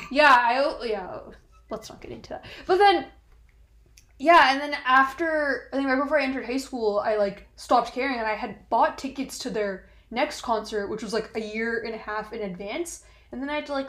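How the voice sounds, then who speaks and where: A woman's voice: on the high side, normal speed, fairly bright tone, reverberant. Giggly young woman, rambling. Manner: rambling, heavy "like", giggly asides. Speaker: podcast co-host. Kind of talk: casual chat.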